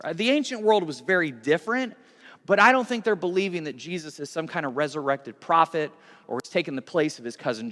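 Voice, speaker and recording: Middle-aged male pastor, high-pitched, casual and animated sermon, reverberant hall. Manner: conversational, animated, with repeated restarts.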